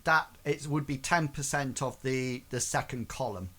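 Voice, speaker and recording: Male game master, mid-pitched, halting and rambling narration. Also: a bit bright. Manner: hesitant, rambling, many fillers.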